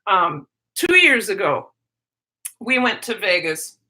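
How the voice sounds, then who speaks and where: A woman hosting a casual live stream, chatting excitedly and greeting viewers by name. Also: medium pitch, takes it slowly.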